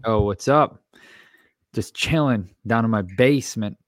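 A man co-hosting a casual podcast from his home basement, joking and relaxed. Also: on the low side, unhurried, dry recording. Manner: laid-back, joking. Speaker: podcast co-host. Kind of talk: crude casual chat.

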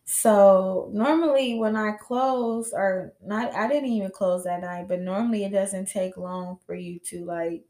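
A woman's voice: medium pitch, a little slow, few pauses, mellow. Candid young woman telling her story. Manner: casual, rambling, heavy use of "you know" and "like"; candid and swears freely. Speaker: podcast host. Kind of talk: personal storytelling monologue. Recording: roomy echo.

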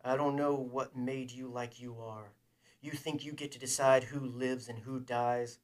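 A man's voice: medium pitch, steady tone, a little slow, far from the mic, lightly acted. A man doing a furious, breathless smuggler. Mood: raging. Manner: shouting, breathless and strained. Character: desperate angry male smuggler, middle-aged family man.

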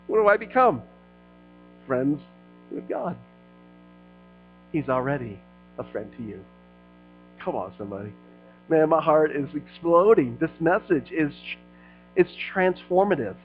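A middle-aged man preaching a sermon as a pastor, talking to the crowd like friends and swelling into loud passionate stretches. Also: on the high side, big pitch swings, measured pace, pauses often, phone-quality sound, faint music behind. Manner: conversational preaching, rising to loud passionate peaks.

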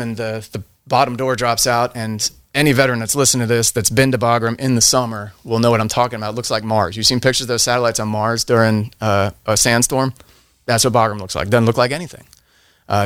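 A man's voice: medium pitch, a bit bright, clean tone, no room sound, clean studio sound. A middle-aged man, a veteran guest on a podcast, telling a long story in a rambling way, often restarting his sentences and laughing. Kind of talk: casual storytelling.

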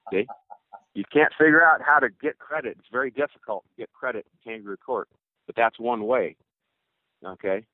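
A man's voice: mid-range voice, no room sound. Older man rambling over a tinny phone. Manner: rambling, joking, laughs through his stories. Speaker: former pro baseball player as guest. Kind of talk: casual storytelling interview. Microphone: cell phone. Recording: tinny phone line, dry.

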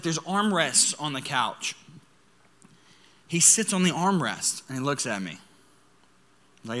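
A young man preaching a sermon, telling a story in an animated way and laughing as he goes. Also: a little high, long reverb tail. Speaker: pastor.

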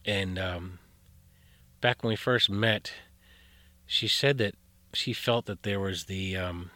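Rambling low-voiced man telling stories. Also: slow, pushed and bright, no echo. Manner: rambling, full of fillers and restarts. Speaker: guest storyteller. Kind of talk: casual spoken storytelling.

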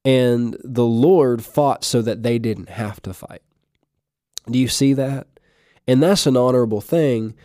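A man giving a short devotional podcast talk, halting with fillers and restarts, reading scripture aloud. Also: mid-range voice, mellow, no echo, studio quality. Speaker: podcast preacher.

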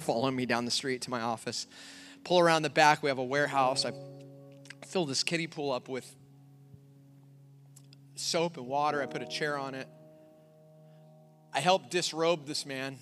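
A middle-aged male pastor preaching a sermon to a congregation, telling a personal story and rising to forceful emphasis. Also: medium pitch. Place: church before a congregation.

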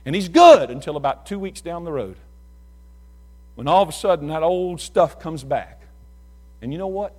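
Preacher guy, high voice, folksy storytelling, goes quiet then loud. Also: big pitch swings, moderate pace, long pauses. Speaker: pastor. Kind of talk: sermon.

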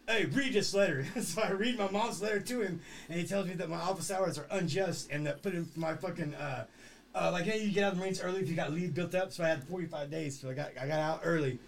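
Profane high-voiced man telling stories. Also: fast, creaky, slight background noise. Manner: profane, rambling, laughing. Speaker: podcast host. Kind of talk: casual storytelling.

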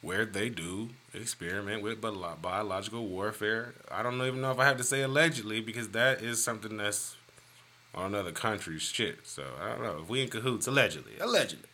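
A man hosting a casual solo podcast, ranting in an animated, profane, joking way. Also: lowish voice, brisk, slight background noise. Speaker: podcast host.

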